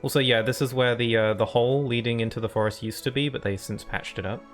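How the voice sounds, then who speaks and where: Man, game streamer, casual rambling chat, self-deprecating, mid-pitched voice, faint music behind. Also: steady tone, fast. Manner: chatty, rambling, self-deprecating, laughs often. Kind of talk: casual live-stream gaming commentary.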